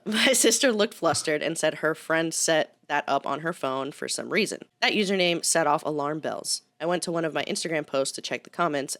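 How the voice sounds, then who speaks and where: Young woman co-hosting a chat show, bright voice, reads posts aloud, laughs a lot. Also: deep voice. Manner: giggly, reads posts aloud with playful asides. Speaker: podcast co-host. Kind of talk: casual chat and reading stories aloud.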